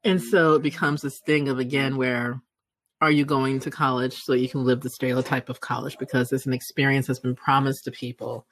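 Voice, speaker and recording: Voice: medium pitch, little pitch movement, brisk, fairly bright tone, no echo. A podcast guest speaking reflectively, building points with "right?" and "you know.". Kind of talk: reflective conversational talk.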